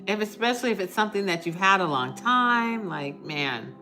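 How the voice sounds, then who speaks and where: A middle-aged woman hosting a casual livestream, chatting with viewers, reading their comments and offering warm reassurance. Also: mid-range voice, lively intonation, normal speed, music in the background. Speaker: livestream host. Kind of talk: casual live chat with viewers.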